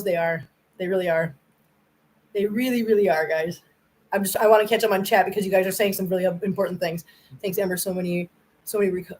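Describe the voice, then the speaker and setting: A woman's voice: medium pitch, low-quality recording. A middle-aged woman hosting a casual livestream and chatting with viewers in an earnest, effusive way. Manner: earnest and effusive, emotional when praising viewers. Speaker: cat channel livestream host. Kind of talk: casual livestream chat reading viewer comments.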